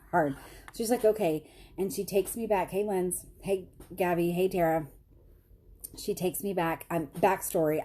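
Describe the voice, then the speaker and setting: A chatty woman talks straight to her viewers. She laughs at herself as she tells a story. Her voice is low, dark and a little husky. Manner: chatty, self-deprecating, laughs often, quotes others in high voices. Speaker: vlogger.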